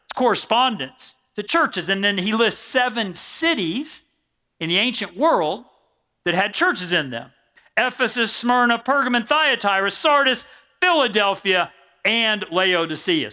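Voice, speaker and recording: Animated high-voiced male preacher. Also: moderate pace. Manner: animated, reads scripture aloud, jokes with the congregation. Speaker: pastor. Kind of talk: sermon.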